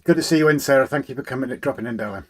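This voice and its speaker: A man hosting a relaxed live stream, chatting, greeting viewers by name and humming to himself as he works on a model railway. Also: medium pitch, racing. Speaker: livestream host. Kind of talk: casual live chat, reading out viewer comments.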